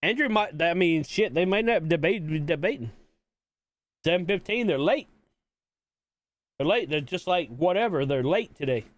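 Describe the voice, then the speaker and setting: A man's voice: on the high side, expressive, moderate pace, long pauses, no room sound. A man from Mississippi, chatting casually to viewers while hosting a live-stream watch party, rambling and repeating himself.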